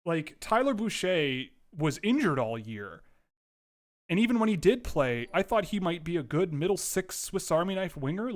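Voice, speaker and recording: A man hosting a casual livestream from home, giving rambling, animated commentary with frequent restarts. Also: high voice, normal speed. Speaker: livestream host.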